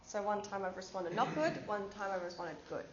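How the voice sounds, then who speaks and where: A woman's voice: medium pitch, brisk. A woman presenting at a conference workshop, explaining ideas through everyday examples and giving the audience instructions. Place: conference room. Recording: echoey room, dull sound, background noise.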